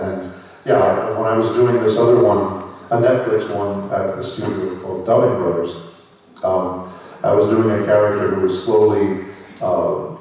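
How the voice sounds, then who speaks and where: A man's voice: on the low side, far from the mic. Older man telling stories in an echoey hall. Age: 60s. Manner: lively anecdotal storytelling with self-mocking jokes. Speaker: voice actor guest on a convention panel. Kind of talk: convention panel Q&A storytelling. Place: large convention hall. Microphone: handheld microphone.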